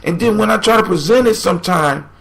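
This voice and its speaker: A man's voice: sits high, expressive, fast talker, gravelly, fairly bright tone. A man hosting a podcast, giving motivational commentary on a folk tale with preachy, emphatic repetition. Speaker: podcast host.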